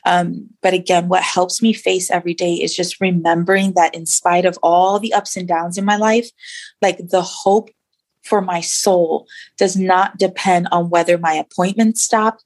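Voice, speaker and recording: Earnest woman with a gravelly low voice. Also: fairly even intonation, normal speed. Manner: earnest, reflective, many fillers. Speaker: guest sharing her story. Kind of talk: faith-based interview.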